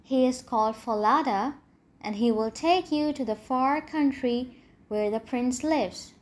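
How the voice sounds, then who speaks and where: A woman's voice: high voice, measured pace. A woman voicing a caring queen giving earnest warnings to her daughter in a storybook reading. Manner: earnest, cautioning.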